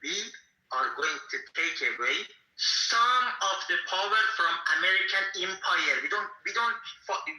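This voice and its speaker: Casting note: man on a remote call, measured and halting, bright voice, roomy echo. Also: sits high. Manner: calm, halting, restarts often. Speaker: guest caller.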